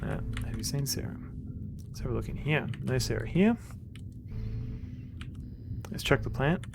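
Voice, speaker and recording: Laid-back guy streaming an old adventure game, gravelly fry, rambling wry commentary. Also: medium pitch, measured pace, background noise. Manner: relaxed, rambling, wry asides.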